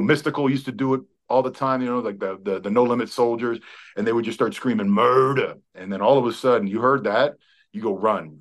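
A man in his forties, a former college football player, telling rambling, profane stories with frequent restarts in casual sports talk. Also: on the low side. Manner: rambling storyteller, stumbles and restarts, swears freely.

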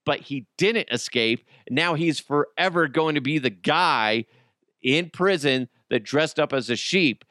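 A man's voice: on the high side, unhurried, pushed and bright, no room sound, clean studio sound. A man hosting a comedy podcast, ranting crudely and mocking people while laughing at his own jokes. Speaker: podcast host.

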